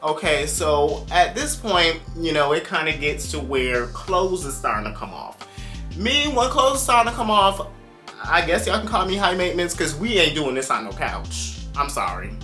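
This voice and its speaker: A young man spins a wild story for his viewers. His voice sounds bright and forceful. It leaps up and down with lots of animation, and faint music plays in the background. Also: on the high side, normal speed. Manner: animated, exclaiming, addresses viewers directly. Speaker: storytime vlogger.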